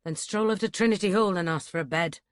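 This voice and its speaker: A woman voicing a stern, gruff young male scholar who talks in curt, scolding lines. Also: on the low side, quick pace, no echo, clean studio sound, lightly acted.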